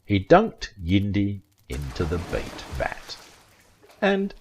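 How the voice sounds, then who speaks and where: A man narrating a dark comic story in a wry, dramatic storytelling manner. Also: low-pitched, wildly swooping pitch, slow pace, heavy background noise. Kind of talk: scripted horror-comedy story narration.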